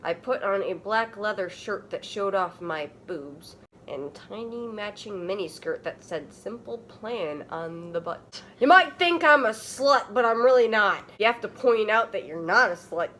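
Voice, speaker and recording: A woman's voice: medium pitch, expressive, unhurried, a little hiss or hum. A young woman reading a story aloud for comedy, mock-dramatic, with sudden overacted outbursts. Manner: mock-dramatic, bursts into loud overacted outrage. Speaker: comedy reader.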